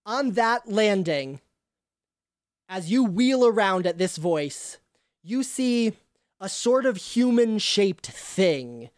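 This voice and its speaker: A woman's voice: mid-range voice, lively intonation, takes it slowly, darkish tone, dry recording, clean studio sound. A woman game master describing scenes for a tabletop game, with frequent ums.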